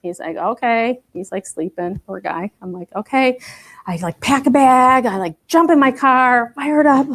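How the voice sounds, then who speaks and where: A woman giving a spiritual talk to a group, telling a personal story in a chatty, animated way with many fillers. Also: a little high, moderate pace, hardly any pauses. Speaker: guest speaker. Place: spiritual center gathering.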